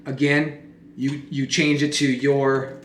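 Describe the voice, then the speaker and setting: A man giving a casual screen-recorded software tutorial, talking conversationally, restarting phrases and checking in with "okay?" and "right?". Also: medium pitch, level tone, slow pace, a little hiss or hum. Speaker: presentation software instructor. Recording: echoey room sound.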